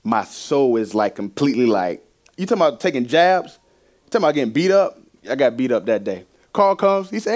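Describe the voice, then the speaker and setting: Delivering a sermon that includes his own testimony, a young man speaks briskly in a mid-range voice. He is animated, laughs frequently, and moves back and forth between loudness and a hush.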